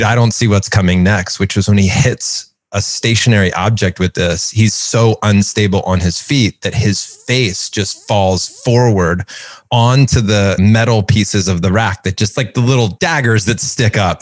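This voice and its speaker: This is a man in his forties with a lowish voice, telling personal stories as a podcast guest. He talks in a lively, animated way and keeps checking in with asides like "right?". The sound is dry and close, with almost no room echo. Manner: lively, animated storyteller who often says "dude" and "right?". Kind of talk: casual storytelling conversation.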